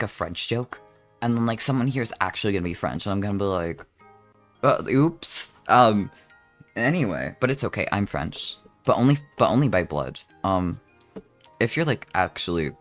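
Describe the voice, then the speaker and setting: Animated man streaming. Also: fairly low pitch. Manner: rambling, profane, jokey and exaggerated. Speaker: vtuber streamer. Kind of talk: casual live-stream chat.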